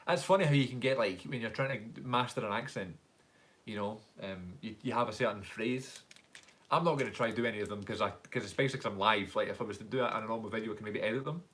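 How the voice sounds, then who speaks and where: A man's voice: fairly low pitch, fast talker, fairly bright tone. A young man with a Glaswegian accent, chatting casually on a live stream Q&A as a YouTuber and actor, rambling through stories and laughing often. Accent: Glaswegian Scottish. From Scotland.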